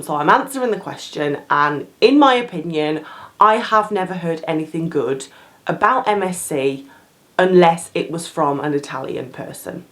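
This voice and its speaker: A young woman who worked on cruise ships, talking frankly to camera in a casual vlog and often dropping in "like" and quick asides. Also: low voice, animated, fairly bright tone. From England. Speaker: former cruise ship crew member and vlogger.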